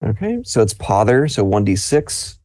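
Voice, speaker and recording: A man's voice: fairly low pitch, very animated, moderate pace, a little mellow, no echo, studio quality. A man running a tabletop game as game master, narrating in a rambling way with many fillers. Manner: rambling, filler-heavy, laughs often.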